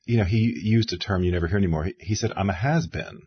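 A man's voice: low-pitched, racing, breathy edge, dull audio. A man in his fifties, an interviewer and author, telling stories in casual conversation and mimicking the people he quotes. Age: 50s. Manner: animated storyteller who mimics people he quotes.

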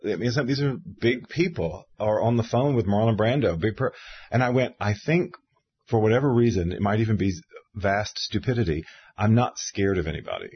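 A man's voice: lowish voice, brisk, breathy edge, lo-fi sound. A man in his fifties, an interviewer and author, telling stories in casual conversation and mimicking the people he quotes. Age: 50s. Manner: animated storyteller who mimics people he quotes.

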